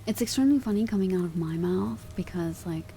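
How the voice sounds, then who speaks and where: A woman's voice: fairly low pitch, animated, fairly quick, dark tone, a little hiss or hum. A woman streamer chatting casually with her live chat, giggly and swearing freely, at a desk microphone at home.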